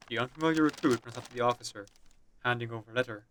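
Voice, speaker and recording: A man's voice: medium pitch, very fast, a bit bright, a little hiss or hum. A man streaming, reading and voicing a game's story with chatty asides.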